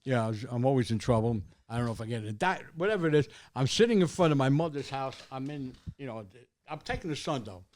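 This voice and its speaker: A man's voice: medium pitch, animated, fast talker, few pauses, darkish tone. An older man, telling a rambling, profane story as a guest in casual chat, repeating words as he goes.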